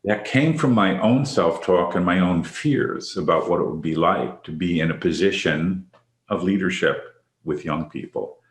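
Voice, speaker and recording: Man, very low voice, reflective podcast host, roomy echo. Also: normal speed. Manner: reflective, affirming, asks others by name. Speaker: podcast host, leadership facilitator. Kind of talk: conversational discussion.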